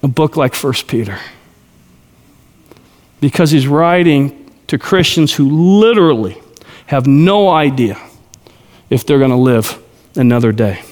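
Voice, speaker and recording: A male pastor giving a lively verse-by-verse Bible teaching, with joking asides and frequent "okay?" check-ins to the crowd. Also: medium pitch, measured pace, long pauses. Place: large church hall. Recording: long hall reverb.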